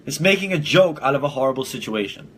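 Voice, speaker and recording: A man's voice: medium pitch, expressive, fast talker, a bit bright, breathy edge. A young man hosting a casual solo podcast, blunt and profane, who often laughs at his own jokes. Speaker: podcast host.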